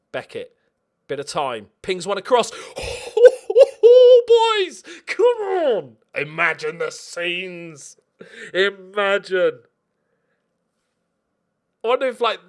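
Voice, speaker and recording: A man hosting a football management game playthrough, commentating in an excitable, sarcastic, self-mocking way. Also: medium pitch. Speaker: let's play host. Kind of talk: gaming commentary.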